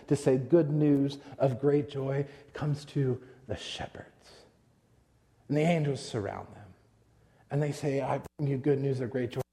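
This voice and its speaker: A man's voice: fairly high pitch, mellow, in a large hall. A man preaching a conversational sermon, retelling scenes and acting out the quotes. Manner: storytelling with acted-out quotes, conversational. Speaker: pastor.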